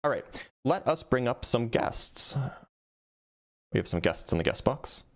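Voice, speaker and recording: A man's voice: medium pitch, sing-song, a little slow, a bit bright. A man hosting a live debate stream, talking casually with lots of fillers and restarts. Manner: casual, hesitant, many fillers.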